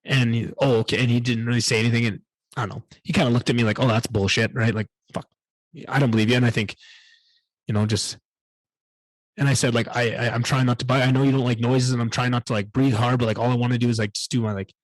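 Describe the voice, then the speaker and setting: A man's voice: mid-range voice, steady tone, fast talker, dry recording. A man hosting a solo podcast, telling a candid personal story in a rambling way and swearing often. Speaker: podcast host.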